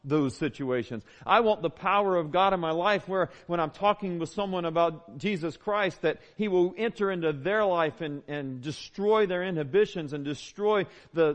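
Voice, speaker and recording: A man, preaching a sermon as a pastor, conversational and emphatic with repeated phrases. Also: a little high. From Southern United States. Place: church.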